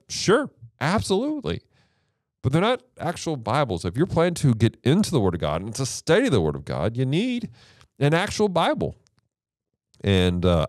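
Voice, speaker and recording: A man's voice: mid-range voice, no room sound, studio quality. A man hosting a Bible teaching show, explaining translations in a casual, emphatic way with rhetorical questions.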